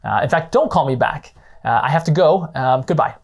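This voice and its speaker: A man's voice: on the high side, animated, fairly quick. A man voicing a curt, annoyed man who keeps interrupting a cold call and hurries to hang up. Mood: hurried. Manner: brusque, interrupting.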